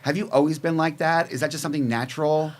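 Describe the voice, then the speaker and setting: A man's voice: on the high side, fairly even intonation, fast talker. A man hosting a casual interview, enthusiastic and encouraging toward his guest. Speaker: podcast host.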